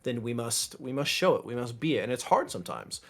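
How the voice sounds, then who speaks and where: A man guest in a casual podcast chat, talking openly and getting animated as he tells stories. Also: medium pitch, fairly quick. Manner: open and animated, breaks into laughs and silly voices when telling stories. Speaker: interview guest.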